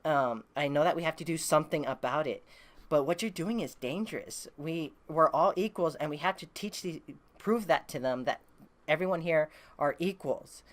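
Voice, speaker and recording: A woman's voice: low voice, moderate pace, lightly acted. A woman reading a comic aloud, voicing a stern male leader who lectures a comrade.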